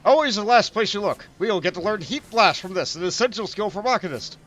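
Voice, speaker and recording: Male game streamer, casual gameplay chatter, animated, laughs often, fairly high voice, faint music behind. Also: brisk.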